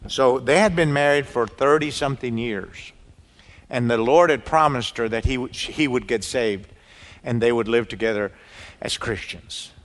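A man preaching a sermon, telling stories with lively quoted dialogue. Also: mid-range voice, normal speed. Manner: animated storytelling, quoting people in dialogue. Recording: reverberant hall.

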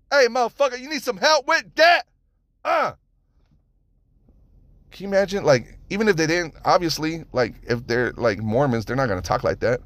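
A man hosting a podcast, telling stories in a casual monologue, animated and profane, with lots of rhetorical questions. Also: fairly low pitch, no room sound. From United States (Nevada). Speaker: podcast host.

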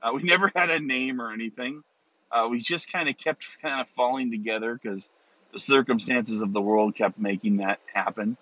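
A man's voice: mid-range voice, normal speed, sharp tone. A man hosting his own podcast, talking casually and rambling with many ums and restarts. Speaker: podcast host. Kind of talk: casual solo podcast talk. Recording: dull, dry recording.

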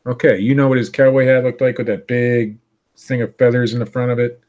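A man's voice: medium pitch, level tone, brisk, darkish tone, highs cut off. A man in his fifties co-hosting a podcast, bantering stubbornly and laughing often. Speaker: podcast co-host. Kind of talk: casual banter.

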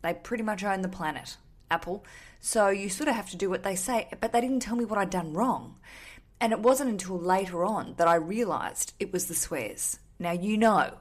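A woman in her thirties hosting a wedding podcast, chatting casually and candidly with self-mocking humour and some swearing. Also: on the low side. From Australia. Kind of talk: casual solo podcast chat.

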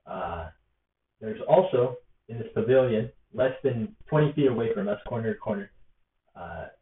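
A young rally organizer speaks to camera in an earnest, rambling, casual reflection with lots of fillers. His voice sits on the low side, animated, at a normal speed. The recording, from a laptop or tablet's built-in mic, sounds echoey, far away, and tinny like a phone.

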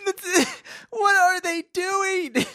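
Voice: very high voice, no room sound, studio quality. A podcast co-host in casual chat, playful and laughing often. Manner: giggly, playful, very expressive.

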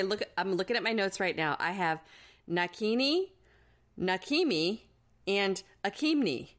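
A young woman co-hosting a casual recap podcast, animated and laughing often. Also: mid-range voice, a little slow. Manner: animated, laughing, mimics people she talks about. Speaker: podcast co-host.

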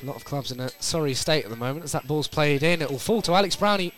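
A man from North East England commentating live on a football match outdoors, quick play-by-play that rises in pitch and volume at big moments. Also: animated, a bit bright.

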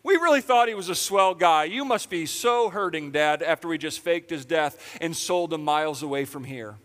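Scheming brothers talk in a high, loud, falsely sweet sing-song, as a pastor acts them out. The sarcasm is laid on thick. Long reverb hangs in the hall. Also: male voice, moderate pace, close to an everyday voice. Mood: fake sweet.

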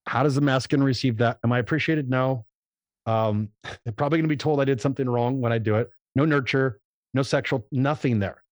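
A man's voice: medium pitch, fairly quick, no echo. Rambling, dry-sounding male podcast guest. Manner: rambling, searching for words with many fillers; acts out voices in quoted examples. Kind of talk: casual conversation.

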